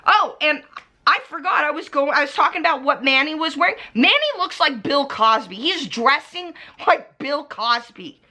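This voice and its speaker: A woman's voice: high-pitched, lively intonation, moderate pace, pushed and bright. A young woman vlogger ranting angrily to camera, swearing freely and calling people out by name. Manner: heated, profane, pointing at the camera. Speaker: beauty commentary vlogger. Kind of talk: angry rant to camera. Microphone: camera mic, facing the camera.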